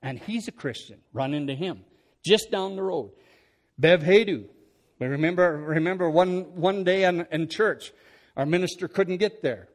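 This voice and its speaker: An older man speaks at church in a slightly high voice, telling rambling, homespun stories of faith. He chuckles often, trips over his words and restarts them. He talks into a headset mic. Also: normal speed. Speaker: church speaker giving testimony. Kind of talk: folksy testimony storytelling.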